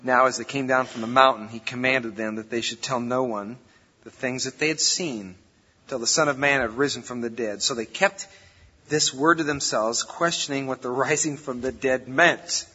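A man with a mid-range, sharp, slightly rough voice preaches as pastor at a normal speed, in a folksy, conversational way. The church hall recording is echoey, and the sound is dull and lo-fi.

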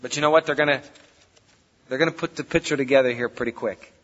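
Bright-voiced pastor in a reverberant hall. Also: male voice, mid-range voice, steady tone, fast talker. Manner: conversational, folksy preaching. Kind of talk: sermon. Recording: reverberant hall, dull lo-fi sound.

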